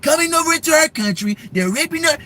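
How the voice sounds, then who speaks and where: A man's voice: very high voice, lively intonation, fast talker, pushed and bright, a little hiss or hum, voice pushed up, full character voice. A man doing a mocking impression of an older male politician who hammers out accusations in a debate. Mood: accusing.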